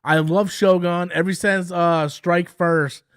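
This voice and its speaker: High-voiced man rambling through a review. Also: steady tone, fairly bright tone, smooth, no echo, clean studio sound. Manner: halting, repeats words, enthusiastic. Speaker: show review host. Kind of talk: casual live-stream review.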